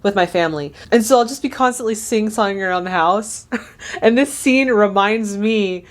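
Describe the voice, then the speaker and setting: A woman's voice: mid-range voice, normal speed. A young woman hosting a casual movie reaction, chatty and gushing, often laughing.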